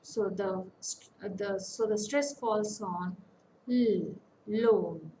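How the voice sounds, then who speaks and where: A woman counsellor with an Indian English accent, giving a lecture on English phonetics and pausing often with fillers. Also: mid-range voice, steady tone, darkish tone, poor audio. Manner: slow, deliberate, with many hesitations and fillers. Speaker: academic counsellor. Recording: faint background noise.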